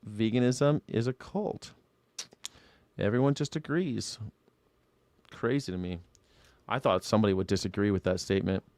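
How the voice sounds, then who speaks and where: A man's voice: lowish voice, normal speed, pauses often, a little mellow, no room sound. A man hosting a call-in livestream, talking back to chat in a blunt, sarcastic, casual way. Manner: drops into a mock-tough swagger when teased. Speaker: streamer hosting a call-in show.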